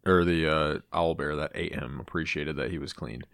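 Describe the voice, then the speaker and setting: A man's voice: very deep voice, moderate pace, fairly bright tone, no echo. A man playing a tabletop game, making dry, crude jokes in casual chat. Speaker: player.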